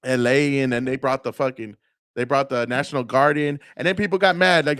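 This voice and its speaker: A man's voice: medium pitch, fairly even intonation, brisk, a bit bright, smooth, no echo, studio quality. A man hosting a casual political rant, profane and rambling, often mocking the people he talks about. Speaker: political commentary host.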